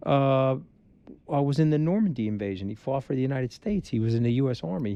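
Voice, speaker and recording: With vocal fry in his medium-pitched voice, a middle-aged man appears as an interview guest in a candid podcast chat. He's an animated storyteller who acts out quotes, speaking bluntly and emphatically and repeating himself for effect, with no room sound.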